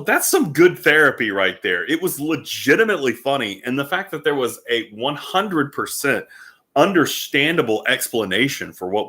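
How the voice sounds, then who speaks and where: A man casually telling a personal story to the camera as a vlogger, animated and full of fillers. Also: medium pitch.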